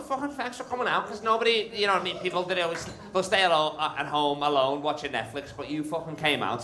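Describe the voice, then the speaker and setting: A man with a high-pitched voice works the room at a comedy club, firing off brash, sweary banter at the audience. His voice comes through a stage mic, with a live crowd audible behind it. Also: bright, forceful tone, a little hiss or hum. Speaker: stand-up comedian. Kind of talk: live stand-up crowd work.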